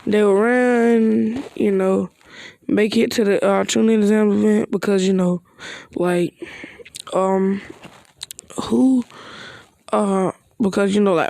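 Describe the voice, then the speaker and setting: Gravelly, rambling fan storyteller. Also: mid-range voice, a little mellow. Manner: rambling, hesitant, slangy with many "you know" and "bro". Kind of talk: improvised fan-fiction narration.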